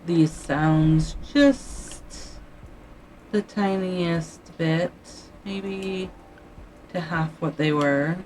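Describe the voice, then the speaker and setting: A woman livestreams her writing sprints, muttering and thinking aloud to viewers in casual chat as faint music plays. Her voice is fairly low and darkish, and she speaks very slowly. The recording is rough, with a little hiss or hum.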